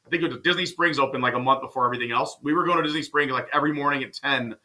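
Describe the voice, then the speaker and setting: A man guesting on a podcast, telling stories in casual, animated chat. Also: mid-range voice. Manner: fast, animated storyteller.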